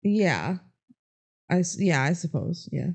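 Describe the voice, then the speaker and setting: A woman's voice: lowish voice, big pitch swings, slow, creaky, darkish tone. A young woman co-hosting a podcast in laid-back, wry casual chat. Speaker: podcast co-host.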